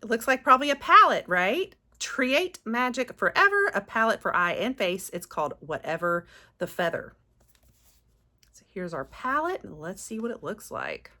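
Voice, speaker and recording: A woman's voice: mid-range voice, big pitch swings, moderate pace, sharp tone. Gushing woman unboxing makeup. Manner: gushing, exclaims often, says "y'all". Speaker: beauty vlogger. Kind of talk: casual unboxing chat.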